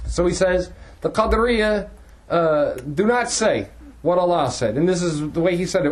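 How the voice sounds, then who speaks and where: This teacher's voice is high and expressive at a normal speed, though the audio is poor. He lectures a class on a religious text, reading passages aloud before translating and explaining each phrase, with many restarts.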